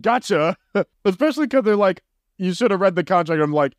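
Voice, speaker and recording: A man with a slightly raised voice joins a casual movie review chat, wry and quick to laugh at the plot. His voice is recorded dry and close to the mic. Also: sits high, lively intonation, no echo. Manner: wry, laughing, reads off a list. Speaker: podcast co-host.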